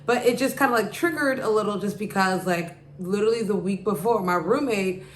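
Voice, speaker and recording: A woman's voice: medium pitch, fairly quick, a little hiss or hum. A woman hosting her podcast, telling a story casually, full of "like" and "you know". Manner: rambling, heavy use of "like" and "you know". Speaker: podcast host. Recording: echoey room.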